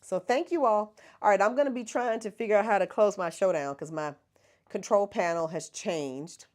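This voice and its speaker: A woman's voice: medium pitch, normal speed, a little mellow. A middle-aged woman, chatting casually with viewers as the host of a livestream. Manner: chatty, laughs often, talks to viewers as y'all.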